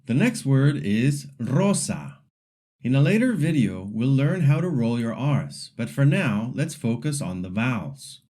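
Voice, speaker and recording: Slow, lively-pitched male language teacher. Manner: slow, deliberate model pronunciations for repeating. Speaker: Spanish pronunciation teacher. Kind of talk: scripted language lesson.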